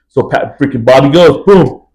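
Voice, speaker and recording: A man's voice: mid-range voice, moderate pace, darkish tone, rough recording. A man in his twenties co-hosting a casual podcast, telling stories and acting out his friends' lines. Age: 20s. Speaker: podcast co-host. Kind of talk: casual chat.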